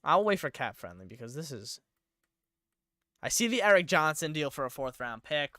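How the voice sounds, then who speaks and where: A man's voice: on the high side, very animated, moderate pace, sharp tone, no echo, clean studio sound. A young man rambling through live-stream sports commentary, thinking aloud and getting himself worked up.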